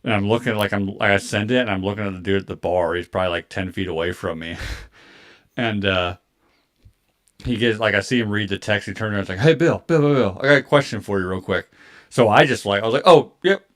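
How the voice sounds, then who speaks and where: Male podcast co-host, 30s, casual storyteller, animated, rambling with fillers. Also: lowish voice, fast talker. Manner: animated, heavy filler words and swearing.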